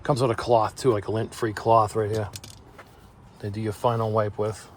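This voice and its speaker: A man's voice: lowish voice, level tone, moderate pace, a little hiss or hum. A man with a Boston accent, casually walking viewers through a hands-on car job with chatty, joking asides. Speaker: DIY tutorial host. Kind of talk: casual how-to walkthrough.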